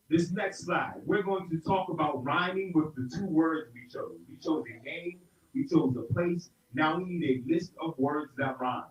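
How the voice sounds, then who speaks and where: A middle-aged man from South Carolina teaching a hip-hop rhyming workshop to a group, upbeat and playful, with call-and-response. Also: on the high side. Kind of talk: interactive workshop lesson. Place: indoor room with an audience. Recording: roomy, distant, dull sound.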